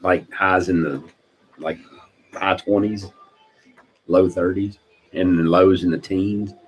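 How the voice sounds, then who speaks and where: A man, chatting casually on a live stream, rambling through stories, clearing his throat often and laughing at his own jokes. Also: deep voice, fairly even intonation, takes it slowly, highs cut off. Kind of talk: casual chat.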